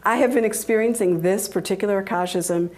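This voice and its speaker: A middle-aged woman giving a talk, telling personal stories in a lively way and laughing often. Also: fairly quick. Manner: animated, acts out quoted voices with big pitch jumps.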